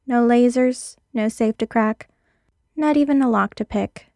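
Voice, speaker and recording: A woman's voice: fairly high pitch, unhurried, dark tone, no room sound. Give me a woman reading as a quirky, blunt female thief, close and dry.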